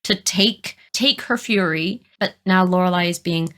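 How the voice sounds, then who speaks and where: Woman cohost musing on tv characters, thoughtful, lowish voice. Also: unhurried, fairly bright tone. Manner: reflective, thoughtful commentary on characters. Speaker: podcast co-host. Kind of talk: casual chat discussing a TV episode.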